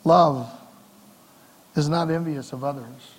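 A middle-aged male pastor preaching a sermon in a church, talking conversationally with rhetorical questions and swings between soft and emphatic delivery. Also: on the high side, slow, big-room sound, slight background noise. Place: church sanctuary.

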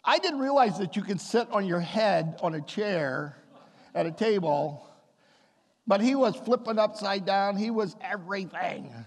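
Gravelly high-voiced man preaching a sermon. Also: expressive, measured pace. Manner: storytelling, rising to emphatic preaching. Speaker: pastor. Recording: long hall reverb.

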